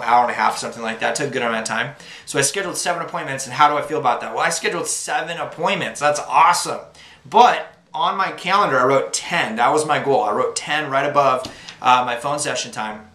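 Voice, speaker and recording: Young guy coaching sales reps, bright voice, kinda echoey room, lots of uh's. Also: mid-range voice. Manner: casual, upbeat, many fillers and uh's. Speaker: sales trainer. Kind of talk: instructional talk to new reps.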